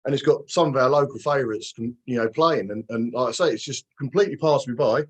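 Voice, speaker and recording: A man's voice: medium pitch, quick pace, breathy edge. A British man co-hosting a music chat show, talking in a hesitant, rambling way. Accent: British English. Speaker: co-host. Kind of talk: casual chat.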